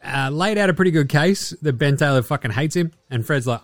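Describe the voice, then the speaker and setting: A man's voice: a little high, lively intonation, quick pace, hardly any pauses, dry recording, studio quality. An Australian man in his thirties hosting a casual sports podcast, chatty and swearing a lot as he acts out quotes. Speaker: podcast host.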